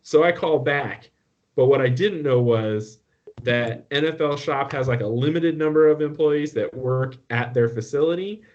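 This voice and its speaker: A man's voice: mid-range voice, normal speed, a little mellow. A man co-hosting a podcast, telling a story in a casual, profane and exasperated way. His voice jumps up when he gets worked up. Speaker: podcast co-host. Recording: muffled lo-fi podcast audio.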